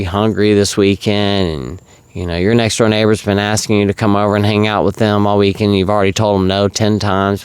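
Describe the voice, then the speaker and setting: Male, 30s, deep resonant voice, close and dry; casual vlogger who rambles earnestly and speaks frankly about recovery. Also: clean tone, no echo. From South Carolina. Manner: rambling, earnest, filler-heavy. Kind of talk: casual monologue to camera.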